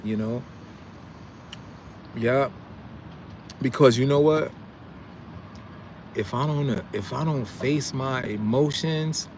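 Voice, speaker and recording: A middle-aged man hosting a casual live stream outdoors, chatting and reading viewer comments, laughing often and trailing off into low mumbles. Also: background noise.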